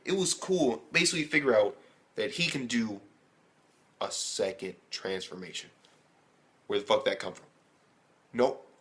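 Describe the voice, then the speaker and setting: A man giving a casual, rambling recap of an anime episode as a reviewer, excitable and swearing heavily. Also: on the low side, a little slow, long pauses. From United States.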